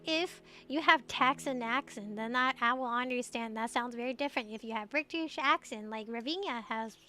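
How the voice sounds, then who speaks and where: A woman's voice: on the high side, sharp tone. A woman from Taiwan, a native Mandarin speaker, chatting casually late at night on her stream, laughing often and answering chat messages.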